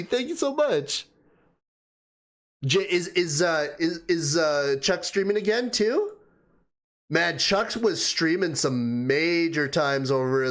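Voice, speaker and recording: Male livestream host, slow and easygoing, slightly high voice, reads comments aloud and laughs a lot. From Canada. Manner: chatty, laughs often, greets viewers one by one. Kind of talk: casual live chat reading viewer comments.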